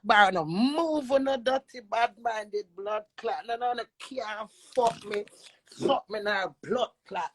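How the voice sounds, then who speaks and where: A Jamaican woman ranting with loud, brash cursing, swinging between shouting and low mutters. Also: poor audio. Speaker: social media personality. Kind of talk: cursing rant.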